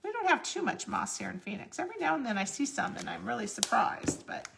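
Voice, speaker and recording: A woman's voice: on the high side, big pitch swings, fast talker, creaky, a bit bright, slight background noise. A woman hosting a live crafting tutorial, chatting through each step as she works. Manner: chatty, explains each step while working. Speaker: crafting demonstrator.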